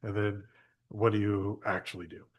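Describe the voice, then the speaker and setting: A man's voice: fairly low pitch, little pitch movement, normal speed. A man hosting an interview, asking friendly, long, two-part questions. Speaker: podcast host, interviewer. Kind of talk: casual interview.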